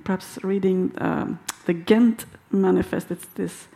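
A woman speaking hesitantly as a panel participant, halting often as she thinks aloud. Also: medium pitch, steady tone, gravelly, mellow. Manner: halting, many fillers and restarts. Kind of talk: hesitant conversational remarks.

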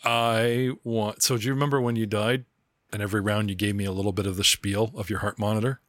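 Man, game master, chatty and laughing, bright voice, dry close sound. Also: fairly low pitch, flat delivery, fast, no room sound. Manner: chatty, laughs often, acts out side characters. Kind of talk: narrating a tabletop game.

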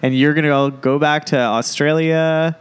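A man's voice: on the high side, fairly even intonation, normal speed, clean tone. A man hosting a casual interview podcast as a wedding planner, upbeat and teasing.

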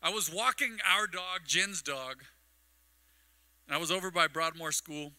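A man preaching a mid-week sermon as pastor, telling a long personal story with acted-out dialogue and quick asides to the congregation. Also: fairly high pitch, bright, forceful tone, dry recording, rough recording. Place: church sanctuary. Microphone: microphone on a livestream.

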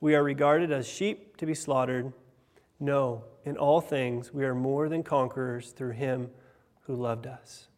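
A man in his thirties preaching a sermon as pastor, earnest, rising loud on key phrases and dropping soft on others. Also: mid-range voice, fairly even intonation, unhurried. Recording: long hall reverb.

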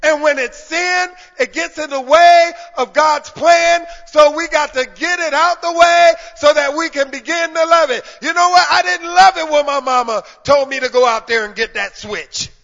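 A man preaching a sermon in church, calling out to the congregation and swinging from hushed talk to shouting. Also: extremely high pitch, normal speed, vocal fry, few pauses. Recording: reverberant hall, dull lo-fi sound.

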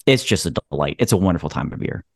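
A man's voice: low voice, animated, quick pace, vocal fry, a little mellow, breathy edge, no room sound, studio quality. A man co-hosting a casual podcast, joking and making puns while describing a beer. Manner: playful, punny, laughs often. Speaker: podcast co-host. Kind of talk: casual chat.

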